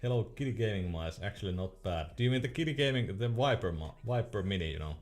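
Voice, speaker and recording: A man's voice: lowish voice, animated, fast talker, a little mellow. A young man streaming casually, reading chat questions aloud in a laid-back way and laughing often.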